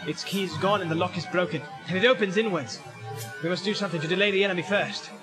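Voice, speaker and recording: A man reading aloud and voicing a brave male ranger leader in an audiobook, giving tense, hurried orders. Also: high-pitched, voice pushed up, lightly acted. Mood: urgent. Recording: loud music under the voice.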